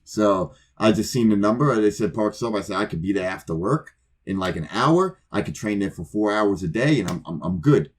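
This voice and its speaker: Podcast co-host, low voice, casual swearing storyteller who plays every part of his anecdotes himself. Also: expressive, fairly quick, slightly rough. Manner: profane, rambling, acts out both sides of conversations.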